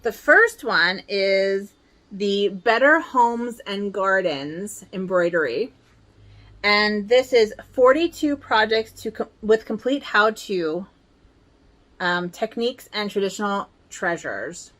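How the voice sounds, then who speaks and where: Speaking slowly in an animated, slightly bright mid-range voice, a woman in her forties vlogs about cross-stitch. She chats upbeat and casually at home while showing her stitching books, rambling a little with fillers.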